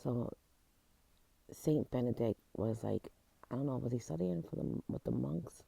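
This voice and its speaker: A woman in a casual vlog, retelling a story in an emotional, halting way, close to tears, with many restarts. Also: rumbling low, creaky, mellow, breathy edge, dry recording. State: teary, close to crying. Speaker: vlogger. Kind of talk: casual chat.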